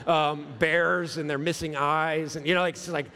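A man's voice: a little high, level tone, moderate pace, pushed and bright, clean tone, in a large hall. A man in his thirties preaching a sermon to a congregation, conversational, building through repeated phrases. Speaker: pastor. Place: church sanctuary.

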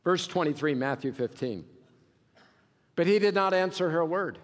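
High-voiced preaching man in a reverberant hall. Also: expressive, normal speed. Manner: swings from shouted preaching to low, quiet asides. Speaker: pastor. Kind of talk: sermon.

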